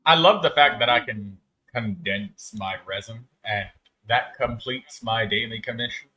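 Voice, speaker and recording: A man's voice: fairly low pitch, measured pace, bright, forceful tone, lo-fi sound. A man chatting casually and teasing others while he streams a game, laughing often. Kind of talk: casual live-stream chat while gaming.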